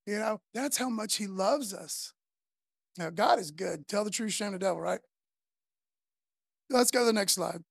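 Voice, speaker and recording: A woman preacher giving a sermon in a chatty, animated way, acting out the voices she quotes. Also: mid-range voice, normal speed, vocal fry, pauses often, breathy edge, dry recording, clean studio sound.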